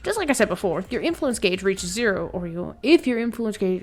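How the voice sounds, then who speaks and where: A woman's voice: medium pitch, very animated, fairly quick. Woman streamer, giggly, swears, reads on-screen text aloud, flustered gamer chatter, faint music behind. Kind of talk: live let's play commentary.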